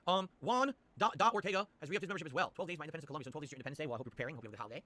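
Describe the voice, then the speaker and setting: Brief: male streamer host, rapid-fire delivery, bright forceful tone, rambling and profane. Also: on the high side, lively intonation. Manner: rambling, reads chat and shout-outs, swears. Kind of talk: casual livestream chat.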